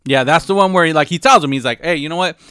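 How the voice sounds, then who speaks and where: A man hosting a casual podcast chat, relaxed and quick to laugh, on a close mic. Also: fairly high pitch, smooth, no room sound. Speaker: podcast host.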